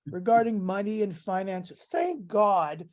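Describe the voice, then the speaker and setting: A man's voice: high voice, animated, measured pace. A man hosting an online panel on a video call, with wry, brief interjections. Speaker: host.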